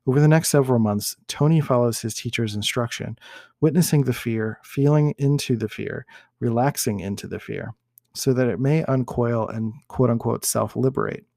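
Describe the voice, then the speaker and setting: A man hosting a podcast, reading a case study aloud in a measured way with small self-corrections. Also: medium pitch, creaky, dark tone, no room sound, clean studio sound. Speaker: podcast host.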